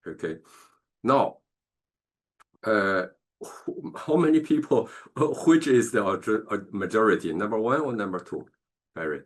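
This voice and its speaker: Halting low-voiced male professor. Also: expressive. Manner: halting, many fillers and restarts, checks in with "okay?". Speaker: professor leading a business masterclass. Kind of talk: online masterclass lecture.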